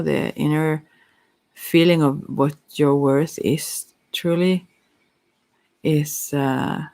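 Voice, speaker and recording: Softspoken asmr psychic, swedish first language, teary and hesitant, really slow, kinda gravelly. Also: mid-range voice. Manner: halting, hesitant, with many fillers. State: teary-eyed. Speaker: psychic card reader. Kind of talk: softspoken ASMR chakra reading.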